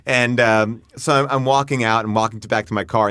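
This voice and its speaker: A man's voice: mid-range voice, fast, smooth, dry recording. A man telling a story in casual podcast chat, his voice sitting in an ordinary middle register. He acts out the other characters' lines as he goes. The sound is dry and close, with no room around it. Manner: animated anecdote, acting out other people's voices. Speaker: podcast guest.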